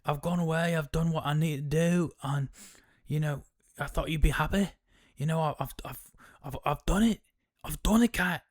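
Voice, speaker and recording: A man's voice: on the high side, steady tone, normal speed, pitched above the performer's own voice, natural voice. A man doing a pleading, stammering young husband. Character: proud young man pleading with his wife.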